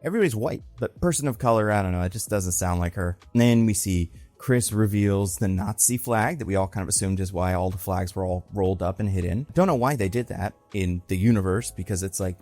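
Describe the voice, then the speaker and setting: A young man with a lowish, slightly mellow voice, recorded with no echo, casually breaks down a TV episode. An online film and TV commentator, he slips into exaggerated voices when quoting characters.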